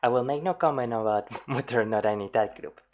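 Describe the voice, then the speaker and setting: A woman with an extremely low, deep voice hosts a casual reaction stream. She chats loosely and laughs often between remarks. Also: fast talker, a crowd in the background.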